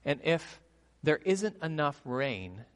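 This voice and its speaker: A man pastor preaching an animated sermon to his congregation, often checking in with "right?" and having them repeat words. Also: fairly high pitch, slow, long reverb tail. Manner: animated, with rhetorical "right?" asides and crowd prompts. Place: church sanctuary.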